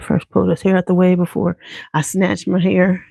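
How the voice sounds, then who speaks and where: A woman's voice: lowish voice, level tone, moderate pace, gravelly, dark tone, no echo. A woman hosting a beauty channel in a casual livestream chat at home. She talks straight to viewers, swears freely, and wears a clip-on mic.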